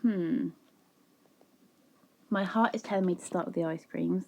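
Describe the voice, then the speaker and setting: A woman's voice: lowish voice, a little slow, vocal fry, a little mellow. A woman chatting casually to her viewers in a crafting vlog, chatty and self-mocking, sitting at home. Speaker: vlogger. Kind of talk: casual chat.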